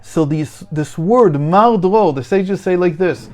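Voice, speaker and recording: A middle-aged man teaching a daily Torah study lesson, thoughtful and hesitant, with many fillers and slow readings of sources. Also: high voice.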